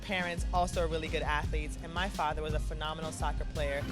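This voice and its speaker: A woman's voice: low voice, steady tone, fast, music in the background. A woman with a Jamaican accent speaking candidly in a reality TV confessional. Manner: candid and direct. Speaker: reality TV cast member. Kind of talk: confessional interview.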